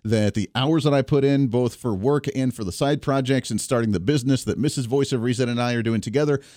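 Medium in pitch and dark in tone, he talks fast, and the recording is dry. The speaker, a man in his thirties from Kansas, hosts talk radio and speaks directly to listeners with chatty, upbeat opinions. It's an energetic monologue captured on a studio microphone, with faint music in the background.

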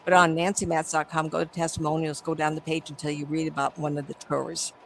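A woman's voice: low voice, little pitch movement, a little fast, fairly bright tone, a little hiss or hum, rough recording. A middle-aged woman, a psychic medium, telling stories animatedly in an interview and acting out the voices. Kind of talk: conversational interview storytelling.

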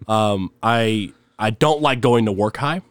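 A man's voice: on the low side, slow pace, a bit bright, no echo. A young man telling rambling, laugh-filled stories as a guest on a casual podcast. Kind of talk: casual storytelling chat.

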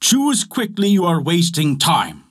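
A man voicing a haughty, vengeful giant genie who speaks in a commanding, deliberate way in a storybook tale. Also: fairly high pitch, huge pitch swings, a bit bright, voice pushed up, heavily acted.

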